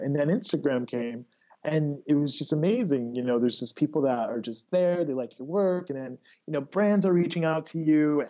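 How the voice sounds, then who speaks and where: In a muffled recording, a man with a fairly high voice tells stories as a guest in a casual conversation. He's an artist, and his animated storytelling rambles along with lots of fillers and restarts.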